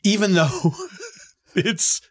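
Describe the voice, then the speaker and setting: A co-host talking in a casual, animated way and laughing often. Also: medium pitch, very slow. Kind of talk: casual chat.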